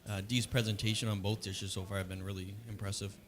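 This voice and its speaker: A man commenting casually on the chefs' dishes during a live cooking contest, in a measured, matter-of-fact way. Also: on the low side, level tone.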